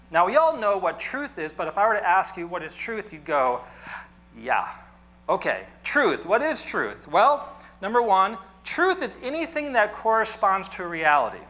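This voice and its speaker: Man teacher, bright voice, chatty lecture style with jokes and questions to the class. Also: high voice. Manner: conversational, joking, asks the class questions.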